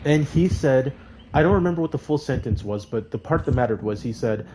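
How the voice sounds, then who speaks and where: Young guy rambling through a funny story, mellow warm tone, keeps laughing and squeaking up high. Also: brisk, a little hiss or hum. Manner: animated, laughing, with high squeaky acted outbursts. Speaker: streamer. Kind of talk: casual storytelling.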